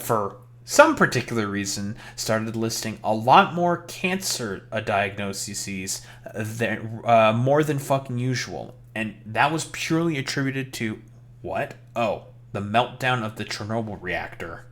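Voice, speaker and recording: Streamer type, young man, lowish voice, heated profane rant, casual commentary. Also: lively intonation, measured pace, fairly bright tone. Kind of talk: reacting to a press conference, casual rant.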